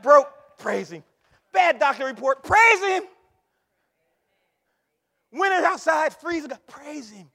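A man with a high, bright voice preaches, swinging between quiet storytelling and shouts of praise. His voice swoops widely in pitch and rings out through a church hall with a long echo. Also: very animated, slow pace, gravelly, long pauses. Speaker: pastor. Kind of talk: sermon. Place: church sanctuary.

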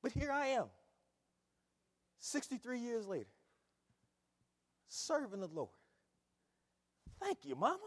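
Older man preaching, high and very lively pitch, impassioned, shouts then hushes, echoey hall. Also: slow, pauses often. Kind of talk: sermon.

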